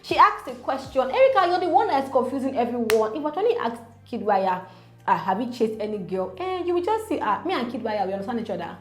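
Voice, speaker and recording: Nigerian woman vlogger, high animated voice, echoey room with faint music under it. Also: fast. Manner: animated, acts out quoted housemates. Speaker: reality show commentator. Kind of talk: casual recap vlog.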